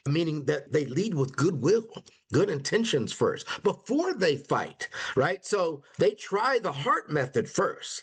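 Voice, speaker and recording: A man leading a webinar on conflict resolution. He talks conversationally and jumps into quoted lines with sudden rises in pitch. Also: very animated, moderate pace, slightly rough. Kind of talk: webinar presentation.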